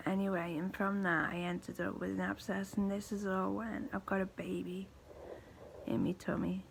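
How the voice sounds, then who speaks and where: Woman, 30s, weak thin voice, gravelly fry, halting and breathy, personal vlog storytelling. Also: fairly low pitch, slight background noise, low-quality recording. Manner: halting, slow speech with pauses, restarts and fillers; often drops to a breathy near-whisper. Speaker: vlogger.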